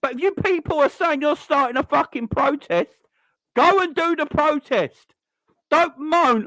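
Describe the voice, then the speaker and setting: A man's voice: very high-pitched, a little slow, bright, forceful tone, no room sound. A man hosting a football channel, ranting angrily and swearing as he mocks online fans. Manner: sweary, mocking, mimics people. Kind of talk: angry fan rant.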